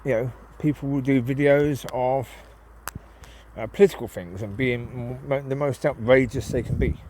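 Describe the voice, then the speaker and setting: A man's voice: medium pitch, steady tone, moderate pace, darkish tone, a little hiss or hum. Nasal man rambling on a woodland walk. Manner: rambling, many ums, calls out to dogs. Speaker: vlogger walking his dogs. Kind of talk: casual walk-and-talk monologue. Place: outdoors in woods.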